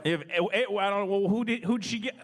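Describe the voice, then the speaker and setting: A man co-hosting a podcast, talking in an animated, teasing way. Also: high-pitched, fast. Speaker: podcast co-host. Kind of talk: casual chat.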